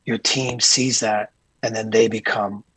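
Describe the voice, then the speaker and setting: A man being interviewed as a guest, a tour manager telling calm, earnest stories with frequent restarts. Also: fairly low pitch, unhurried, slightly rough, dry recording, low-quality recording. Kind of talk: casual interview chat.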